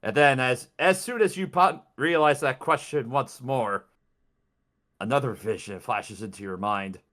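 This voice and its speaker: A man narrating a tabletop game as dungeon master, describing scenes in an expressive way. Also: medium pitch, measured pace.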